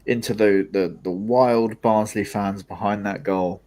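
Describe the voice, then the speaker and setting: A man's voice: lowish voice, fairly even intonation, measured pace, darkish tone. A young man, co-hosting a live football watchalong and chatting casually, often laughing. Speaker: podcast co-host. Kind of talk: live match watchalong commentary.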